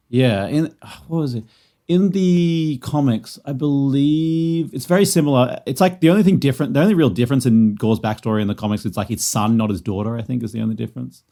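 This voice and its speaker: A man in a relaxed podcast chat, walking his friends through comic lore. He rambles, fills gaps with ums and likes, and restarts his sentences often, at a medium pitch. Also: normal speed. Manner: rambling, lots of fillers and restarts. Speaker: podcast host presenting the lore. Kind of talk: casual chat.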